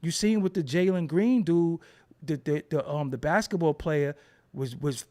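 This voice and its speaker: A man's voice: on the high side, a little slow. A man in a casual, profane rant, talking emphatically and repeating himself when heated. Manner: animated, emphatic, swears freely, repeats words when heated.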